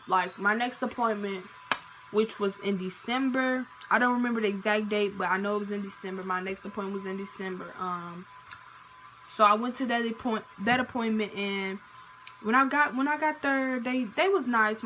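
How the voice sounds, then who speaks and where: A young woman talks through a personal story in a loose, chatty vlog style, leaning on filler words and slipping into the voices of the people in it. Her pitch sits in an ordinary middle range, and a faint hiss of background noise runs under her voice. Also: sharp tone. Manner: chatty, lots of fillers and quoted dialogue.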